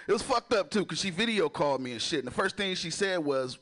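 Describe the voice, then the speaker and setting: Male stand-up comic, high voice, very animated, crude, laughs at his own jokes. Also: fast, few pauses. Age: adult with a son. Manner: loose, chatty, keeps asking "you know". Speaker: stand-up comedian. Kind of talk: stand-up comedy set.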